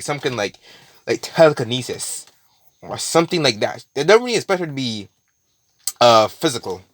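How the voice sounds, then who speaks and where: Guy rambling through a fan story, swears a lot, mid-pitched, dry close sound. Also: fairly bright tone, dry recording. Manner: rambling, profane, many fillers and restarts. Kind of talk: casual retelling of a fan story.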